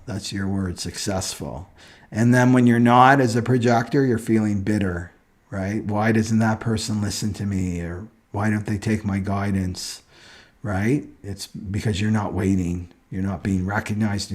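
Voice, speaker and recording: A man with a fairly low voice hosts a relaxed livestream lesson. He explains things loosely as he goes and keeps checking in with his listeners by asking "right?". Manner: loose, rambling, tags points with "right?". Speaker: astrology livestream host. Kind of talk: casual teaching livestream.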